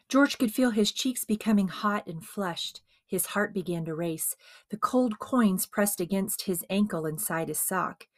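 A woman narrating a dramatized biography as an audiobook, with expressive storytelling. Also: medium pitch, a little slow, no room sound, studio quality.

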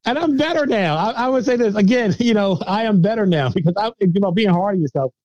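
A filmmaker appears as a guest on a podcast, talking fast in a high-pitched, expressive, slightly mellow voice; the audio has no room sound and its highs are cut off. The casual interview chat is full of laughter and restarts as he mocks himself.

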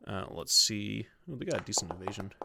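A man's voice: fairly low pitch, expressive, a little fast, gravelly, sharp tone, slightly rough, no echo, clean studio sound. A man running a tabletop role-playing game as game master, describing the scene and rules with many fillers and asides to himself. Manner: many fillers, mutters to himself while setting things up.

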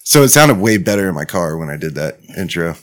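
Brief: young male podcast co-host with a cold, low voice, lively swings, crude jokes. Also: fairly quick, music in the background. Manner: joking, crude. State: sick with a cold. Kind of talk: casual chat.

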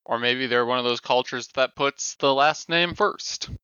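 A man hosting a gaming podcast and running its quiz segment in a measured way. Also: medium pitch, bright, forceful tone, clean tone, no echo. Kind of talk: casual gaming podcast chat. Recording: slightly dull, lo-fi mic.

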